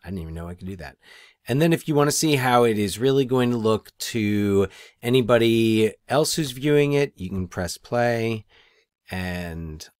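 Deep-voiced guy teacher doing a screen tutorial, laid back, thinking out loud, dry close mic. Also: moderate pace, dry recording. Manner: relaxed, thinking aloud while clicking through.

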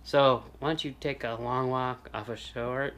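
A man's voice: medium pitch, fairly even intonation, a little slow, fairly bright tone, smooth. A man in casual co-op gaming chat, profane and teasing, often exasperated with his friend. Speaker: gamer.

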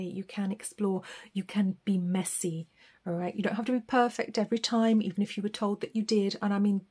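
A woman's voice: mid-range voice, warm tone, breathy edge. A middle-aged woman doing a tarot reading in a chatty, rambling way, with frequent laughs. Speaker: tarot reader. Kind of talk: casual spoken reading.

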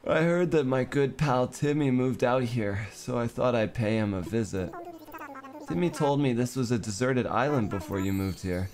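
A man voicing a sleepy, easygoing male sloth gardener from a cartoon life game, reading his lines slowly and drowsily. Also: mid-range voice, a little mellow, close to an everyday voice.

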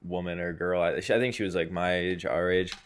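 A man's voice: deep voice, steady tone, fairly quick, clean tone. A young man co-hosting a podcast, telling crude rambling stories, laughing often and acting out both sides of a conversation. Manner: rambling storyteller, laughs often, acts out voices. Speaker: podcast co-host. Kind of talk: crude casual podcast banter.

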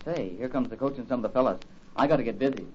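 A man playing a calm, earnest young athlete who gives the kids steady advice, in 1940s radio acting. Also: medium pitch, very fast, husky, lightly acted. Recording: dull old radio recording with faint hiss.

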